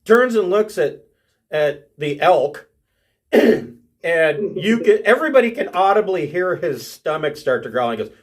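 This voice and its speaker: A man's voice: high-pitched, very animated, a little slow. A man narrating as game master of a tabletop game, restarting often and laughing along.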